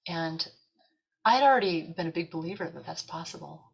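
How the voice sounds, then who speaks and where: A woman talking as a guest on a chat show, telling a story in an animated way and acting out what people said. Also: fairly low pitch, fairly quick, creaky, a little hiss or hum, rough recording. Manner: animated, acts out quotes.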